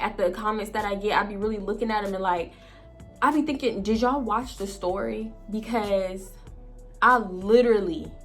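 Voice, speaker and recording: Chatty, profane young woman. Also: mid-range voice. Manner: profane, chatty, animated storytelling to viewers. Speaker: vlogger. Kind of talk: casual storytime chat. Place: home, indoors. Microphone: phone camera.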